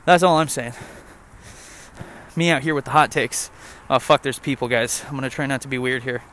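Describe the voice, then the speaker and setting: A man's voice: mid-range voice, moderate pace, a bit bright, slight background noise. A young man rambling and joking with lots of swearing while walking a trail outdoors. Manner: profane, rambling, jokey. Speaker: vlogger. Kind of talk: casual rant while walking.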